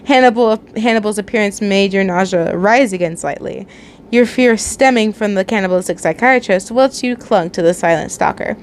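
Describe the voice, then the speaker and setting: A woman's voice: mid-range voice, normal speed, a little hiss or hum. A young woman reading a fan story aloud in a casual way, chatty, laughing often and tripping over words. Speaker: channel host reading fanfiction.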